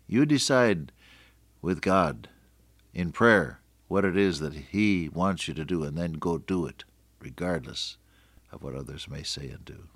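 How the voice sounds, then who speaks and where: Low-voiced earnest male radio preacher. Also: measured pace, slightly rough, no echo. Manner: earnest, repeats phrases for emphasis. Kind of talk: sermon.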